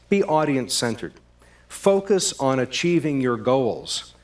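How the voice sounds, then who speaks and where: Storytelling presenter, mic set back. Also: male voice, mid-range voice. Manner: lively storyteller, acts out both sides of a call. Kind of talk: scripted talk on communication. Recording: distant microphone.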